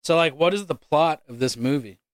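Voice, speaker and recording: Podcast co-host, male, high and excitable, dry close mic, profane casual banter. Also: brisk, dry recording. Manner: loud, excitable, swears freely. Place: home studio with live chat screens.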